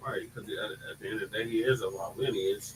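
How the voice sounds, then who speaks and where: A man's voice: fairly low pitch, fairly even intonation, fast talker, crowd noise, poor audio. A man co-hosting a podcast in casual chat, mostly chiming in with short agreements and brief points. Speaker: podcast co-host.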